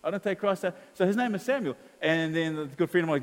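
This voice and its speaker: Kiwi pastor guy preaching, kinda high voice, chatty, acts out little convos, big hall echo. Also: animated, quick pace. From New Zealand. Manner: chatty storytelling, acts out dialogue, laughs often. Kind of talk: sermon.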